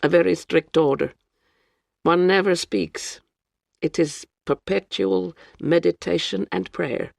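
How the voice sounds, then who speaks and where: A reader doing a worldly Russian woman traveller who talks gravely and matter-of-factly. The voice has a gravelly, creaky edge. It is recorded dry and close, with no room sound. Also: mid-range voice, slow pace, no echo, heavily acted.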